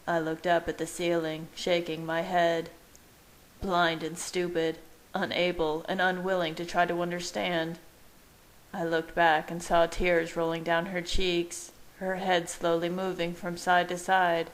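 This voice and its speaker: A woman calmly narrating a fan-fiction romance story in a soft, measured way. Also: on the low side, rough recording. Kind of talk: audiobook-style story narration.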